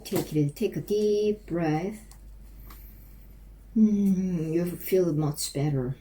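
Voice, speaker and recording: Slow halting woman with a Korean accent. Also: lowish voice, mellow, poor audio. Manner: halting, repeats and restarts phrases while drilling. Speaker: language learner practicing English. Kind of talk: self-recorded English practice.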